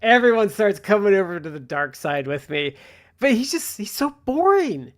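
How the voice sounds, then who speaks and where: A man's voice: sits high, sing-song, moderate pace. A man co-hosting a podcast, talking bluntly and mockingly in casual chat. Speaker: podcast co-host.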